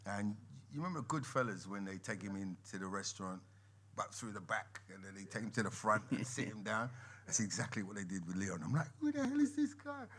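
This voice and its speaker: Animated man telling stories, bright voice. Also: fairly low pitch, fairly quick. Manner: animated storyteller, laughs often, lively swings in loudness. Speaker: guest musician and actor. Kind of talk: live podcast conversation. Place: members' club room with a live audience.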